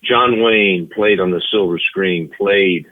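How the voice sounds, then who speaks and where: A man in his seventies tells a long anecdote, his voice very low. The sound is narrow and tinny, like a phone line. He leans into the story with animated, storytelling energy. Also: takes it slowly. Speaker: interview guest, retired baseball player. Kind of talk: storytelling interview.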